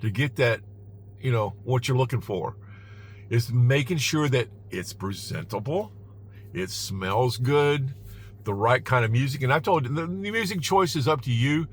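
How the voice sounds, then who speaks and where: A man's voice: mid-range voice, a little slow, slight background noise. A man giving casual advice in his car, emphatic and chuckling, repeating "all right?" to drive his points home.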